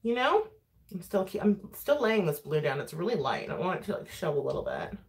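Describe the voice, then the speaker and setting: A woman's voice: on the low side, big pitch swings, a little fast, vocal fry. A woman vlogger chatting casually while doing her makeup, talking freely, laughing often and swearing. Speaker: beauty vlogger.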